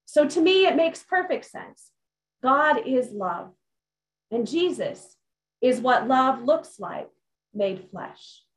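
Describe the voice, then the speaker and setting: Slow, measured woman preacher. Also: sits high, animated, rough recording. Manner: slow, deliberate preaching with emphatic pauses. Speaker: pastor. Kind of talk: sermon.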